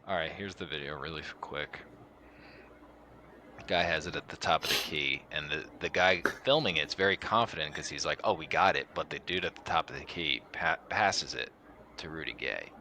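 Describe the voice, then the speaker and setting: A man's voice: a bass voice, moderate pace, slight background noise. A man co-hosting a sports podcast, chatting casually and animatedly. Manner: animated, breaks into laughter, loud voice impressions. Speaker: podcast co-host.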